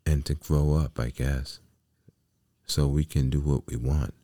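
A man's voice: a bass voice, steady tone, a little slow, dark tone, no echo, clean studio sound. A man voicing a wooden puppet boy who is eager and keeps fibbing, in a raised, pleading boyish voice. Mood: earnest.

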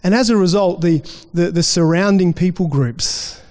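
In a hall full of long reverb, a man preaches as pastor at a moderate pace, his voice sitting high and sounding slightly mellow. He keeps it casual and conversational, restarting often and briefly speaking as the characters in his story.

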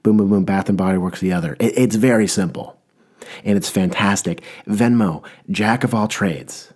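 A young man's low, husky voice, a little mellow, carries a playful, mock-earnest comedic rant at normal speed. His thoughts wander, and he often stops partway through a sentence to begin again.

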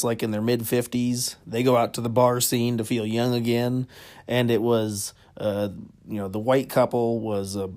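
In a mid-range, slightly mellow voice, a man hosting a comedy podcast rambles through funny stories, chuckling often and using plenty of fillers.

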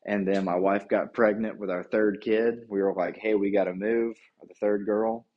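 A man's voice: fairly low pitch, steady tone, moderate pace, muffled recording. A man in his thirties chatting casually on his own, rambling and laid-back, swearing and tossing in "dude" and "man". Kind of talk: casual solo chat.

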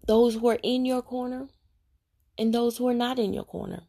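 A woman's voice: a little high, fairly even intonation, moderate pace, gravelly, warm tone. A woman speaking earnestly and preachily, straight to her viewers in a confessional devotional talk about her faith. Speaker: Christian vlogger sharing her faith journey.

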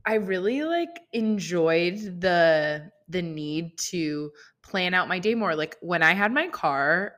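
A woman's voice: fairly low pitch, fairly bright tone. A young woman hosting her own podcast, talking casually and rambling along with lots of "like" fillers. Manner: rambling, chatty, full of "like" fillers. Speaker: podcast host. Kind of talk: casual solo podcast chat.

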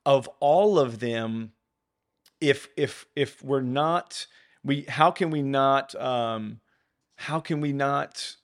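A man's voice: mid-range voice, takes it slowly. A man co-hosting a faith podcast, talking with fervent, rising emphasis. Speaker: podcast co-host.

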